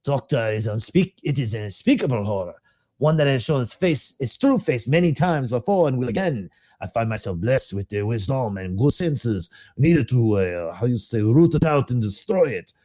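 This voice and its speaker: A man's voice: mid-range voice, animated, normal speed, dark tone, close to an everyday voice. A man reading aloud the lines of an obsessive, proud plague doctor, with a put-on foreign accent and a formal manner. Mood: grave.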